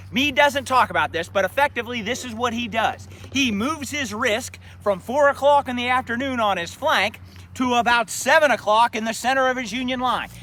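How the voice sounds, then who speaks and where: A man's voice: sits high, sharp tone, a little hiss or hum. A middle-aged man guiding a live outdoor battlefield talk, telling the story dramatically and asking rhetorical questions. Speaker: battlefield historian guide.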